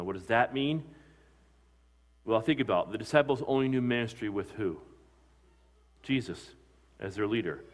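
A man, a pastor, preaching a sermon with emphatic delivery, asking his listeners questions and answering them. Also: medium pitch. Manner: emphatic preaching with rising and falling loudness, asks the congregation questions.

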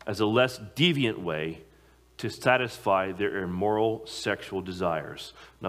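A man's voice: lowish voice, a bit bright. Man preaching an emphatic sermon. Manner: emphatic, slows down on key phrases, occasional repeated words.

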